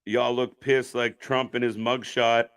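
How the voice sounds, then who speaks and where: Brief: male stream host, bright tone, rambling and profane, reads chat aloud. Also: mid-range voice, little pitch movement, measured pace, clean tone. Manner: profane, rambling, jokey, chats with viewers. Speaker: live stream host reacting to wrestling. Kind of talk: casual live commentary reading chat.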